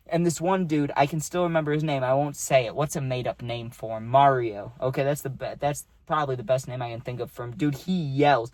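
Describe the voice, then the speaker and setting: A man's voice: on the high side, normal speed, hardly any pauses, darkish tone, no room sound. Young man rambling through a storytime. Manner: rambling, full of fillers like "dude" and "like". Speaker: vlogger. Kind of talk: casual storytime.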